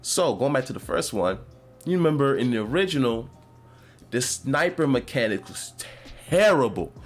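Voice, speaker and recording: A man with a mid-range, sing-song voice hosts his own podcast at a moderate pace. He rambles casually about a video game, full of fillers and restarts.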